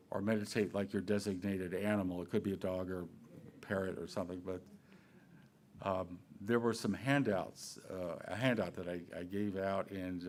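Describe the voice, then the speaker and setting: A man's voice: low-pitched, a little hiss or hum. A man giving a sermon to his congregation in a conversational, playful way, asking questions and acting out quoted phrases. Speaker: minister. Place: church sanctuary.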